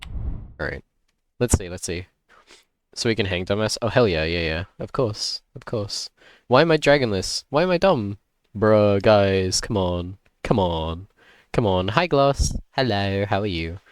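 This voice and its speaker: A man streaming a game live, chatting playfully and greeting his viewers with excitement. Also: deep voice, unhurried, smooth, no room sound, clean studio sound. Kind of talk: casual livestream chat while gaming.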